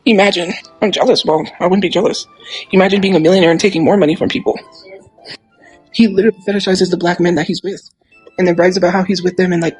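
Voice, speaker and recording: A young man with a high voice talks quickly and casually into his phone on a livestream. He rambles and gets defensive as he answers viewer comments, with faint music behind him. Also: fairly even intonation, darkish tone, poor audio.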